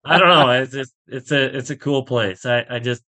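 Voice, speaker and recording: A man's voice: mid-range voice, moderate pace, pushed and bright. Enthusiastic rambling man from Pittsburgh. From Pittsburgh, USA. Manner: enthusiastic, rambling storyteller who laughs often. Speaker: golf instructor, podcast guest. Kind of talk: casual interview chat.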